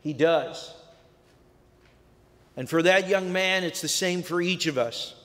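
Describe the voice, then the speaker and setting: A man delivers a reflective sermon at an unhurried, deliberate pace, his voice sitting a little high for a man. The sound carries the long reverb of a large sanctuary. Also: a bit bright. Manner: slow, measured, reflective storytelling. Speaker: clergy leader.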